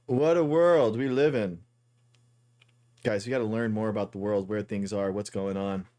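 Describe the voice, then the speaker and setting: A man's voice: on the low side, steady tone, normal speed, warm tone, no echo. A man streaming a guessing game live, rambling and thinking aloud as he plays. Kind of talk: casual live game commentary.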